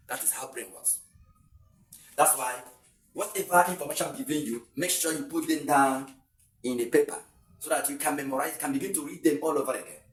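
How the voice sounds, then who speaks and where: A man from Nigeria teaching an exam tutorial in a classroom, explaining step by step with frequent fillers and repeated phrases. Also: mid-range voice. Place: classroom with a board. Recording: roomy, distant camera mic with faint hiss.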